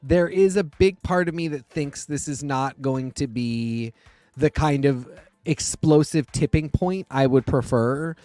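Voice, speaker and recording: A man's voice: a little high, a little slow, warm tone, dry recording. A man co-hosting a podcast in casual chat, catty and blunt with strong opinions. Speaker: podcast co-host.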